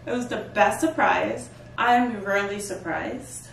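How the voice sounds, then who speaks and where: Woman host recounting a trip with lively, playful delivery; echoey room, distant mic. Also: medium pitch, takes it slowly, vocal fry, slight background noise. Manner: animated, playful storytelling with bursts of laughter. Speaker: vlog host. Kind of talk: casual chat.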